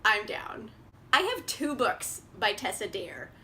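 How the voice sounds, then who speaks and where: A woman's voice: on the high side, sing-song, takes it slowly, pushed and bright, slight background noise. A young woman chatting casually about books she picked up, bubbly and chatty, with lots of fillers and laughs, recorded indoors on a camera mic. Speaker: book vlogger. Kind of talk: casual book haul chat.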